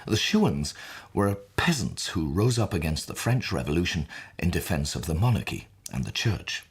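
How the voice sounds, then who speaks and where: A man narrating a scripted story in a measured, dramatic way. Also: low-pitched, very animated, husky. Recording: soft music under voice.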